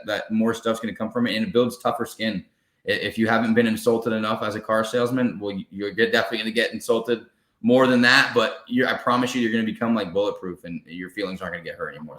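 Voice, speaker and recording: A man's voice: fairly low pitch, a bit bright, reverberant. A man talking as a guest in a casual interview, giving earnest, emphatic advice. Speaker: car sales guest.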